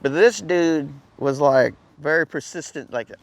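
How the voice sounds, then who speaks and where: Dude telling an old story, kinda high voice, chill and slangy, cusses a lot. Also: male voice, expressive, measured pace, creaky, background noise. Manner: laid-back, slangy and profane, with laughs. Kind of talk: casual spoken anecdote.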